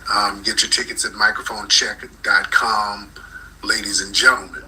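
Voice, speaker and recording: A man's voice: lowish voice, level tone, moderate pace, sharp tone, slight background noise, rough recording. A man hosting a live call-in talk room, combative and repeating his points insistently.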